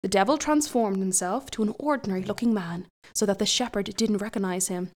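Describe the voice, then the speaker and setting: A woman's voice: medium pitch, fairly quick, darkish tone. A woman reading a folk tale aloud, breaking off now and then for chatty asides. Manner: chatty asides between passages. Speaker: storyteller.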